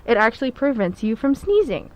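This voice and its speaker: A woman's voice: on the high side, sing-song, brisk, a little mellow, a little hiss or hum, poor audio. A young woman guesting on a casual podcast, giggling as she shares strange facts. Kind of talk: casual chat.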